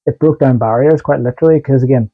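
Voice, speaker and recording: A man's voice: mid-range voice, fast, narrow, tinny audio. A man co-hosting a podcast, talking in an easygoing, reflective way in a casual chat. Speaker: podcast co-host.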